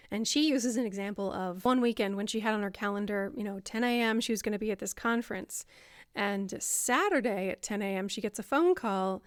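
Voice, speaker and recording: A woman's voice: medium pitch, moderate pace, dry recording, studio quality. A woman explaining self-compassion to camera in a casual, conversational way, with many fillers. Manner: conversational, lots of fillers, acts out voices.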